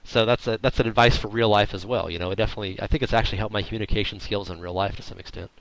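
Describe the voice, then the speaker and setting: Fast-talking sarcastic male podcast host. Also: lowish voice, poor audio. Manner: droll, sarcastic, deadpan wit; rambling, quick asides. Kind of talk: casual chat.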